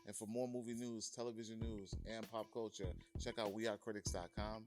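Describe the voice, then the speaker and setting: A man's voice: fairly low pitch, little pitch movement, a little fast, over music. A man from Massachusetts reviewing a film in a loose, chatty way, full of fillers and restarts and plainly enthusiastic. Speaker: movie reviewer. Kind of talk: casual video review.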